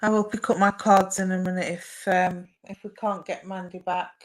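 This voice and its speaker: On a rough-sounding recording, a young woman with a lowish, flat voice hosts a casual live stream at a normal speed. She chats warmly with viewers, answers their comments, and gives psychic readings, filling her speech with fillers.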